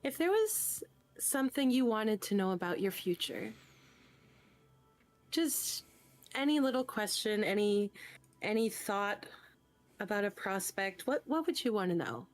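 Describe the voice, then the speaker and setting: A woman voicing a gentle, retired bunny fortune teller in a tabletop game, speaking in a soothing, coaxing way. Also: medium pitch, expressive, measured pace, pauses often, close to an everyday voice.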